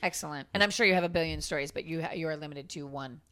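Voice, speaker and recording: A woman's voice: deep voice, very fast, a bit bright, smooth. A woman co-hosting a casual comedy podcast, teasing and jokingly bossy. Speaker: podcast co-host. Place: podcast studio.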